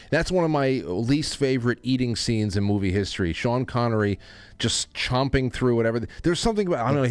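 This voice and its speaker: Smooth-voiced rambling male host. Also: medium pitch, a little mellow, no room sound. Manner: rambling, halting, with many restarts. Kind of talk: casual chat.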